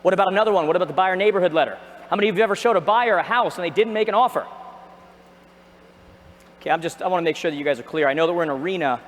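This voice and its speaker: A man giving an energetic seminar talk on a stage, asking the audience questions and joking with them. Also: high-pitched, rapid-fire, pauses often. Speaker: real estate trainer. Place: large arena. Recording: echoey arena with long reverb.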